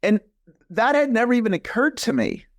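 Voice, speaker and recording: A man's voice: very high voice, big pitch swings, normal speed, creaky, no room sound, studio quality. A man in his fifties, a guest on a coaching podcast, talking earnestly in a conversational interview and repeating his key phrases.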